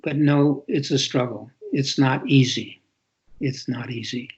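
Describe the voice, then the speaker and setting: With a medium-pitched voice and a measured pace, an older man interviewed as a guest author on a podcast tells reflective stories. He frequently restarts his sentences, and the recording sounds dull and lo-fi.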